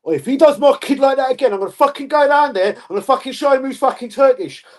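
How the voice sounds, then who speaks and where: A man voicing a furious football dad who shouts profanity from the sideline. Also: very high-pitched, fast, a little hiss or hum, voice pushed up. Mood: raging.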